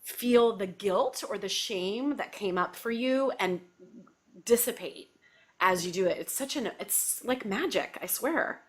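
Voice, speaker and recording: A woman's voice: mid-range voice, expressive, unhurried. A middle-aged woman hosting a casual talk show, chatting in a loose, conversational way full of "like" and "you know". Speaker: podcast host. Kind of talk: casual chat.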